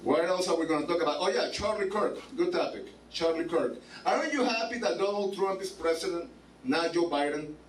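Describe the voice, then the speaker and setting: A man's voice: high voice, a little fast, distant mic. A man doing a stand-up set at a bar open mic, rambling and swearing, filling lines with "like" and "man". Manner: profane, rambling, repeats "man" and "like". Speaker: stand-up comedian. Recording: roomy bar from afar, crowd noise.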